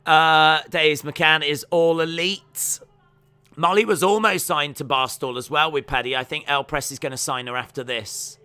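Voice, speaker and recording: A man hosting a live watch-along stream, reacting to fights with excited shouts and exclamations. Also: on the high side, normal speed, smooth.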